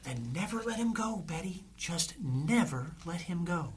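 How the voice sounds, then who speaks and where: An actor playing a psychic medium in a radio play, speaking in a slow, coaxing, soothing way. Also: medium pitch, animated, slight background noise, close to an everyday voice.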